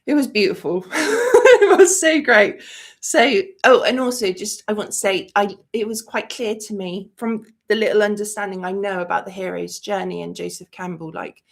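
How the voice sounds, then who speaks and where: A woman's voice: medium pitch, fairly even intonation, brisk, vocal fry, few pauses. A woman hosting a movie channel in a live-stream chat, talking emotionally and rambling with many fillers. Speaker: host of a movie review channel.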